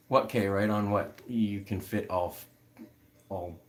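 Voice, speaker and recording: A man's voice: on the low side, steady tone, a little slow, darkish tone. A man hosting a casual livestream, rambling with many fillers as he answers viewer comments. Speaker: livestream host.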